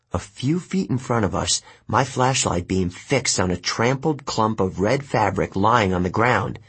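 Casting: male audiobook narrator, first-person storytelling, airy husky tone. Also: on the low side. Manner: animated storytelling, voices each character. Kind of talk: first-person novel reading.

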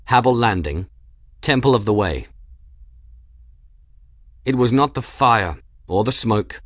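Male audiobook narrator, low register, even measured delivery, dry booth. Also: no echo. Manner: steady measured reading, voicing characters in quotes. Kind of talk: scripted narration.

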